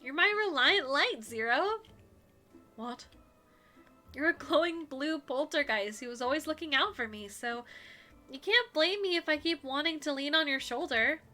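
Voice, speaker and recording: A woman voicing an excitable young witch heroine in a dating game, with a high, animated delivery. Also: normal speed, faint music behind.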